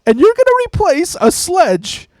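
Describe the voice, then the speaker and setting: A man voicing his huge former boss, whose throat closes up with rage so that he cusses in a shrill, incredulous squeal. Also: huge pitch swings, measured pace, no room sound, full character voice. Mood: shrill fury.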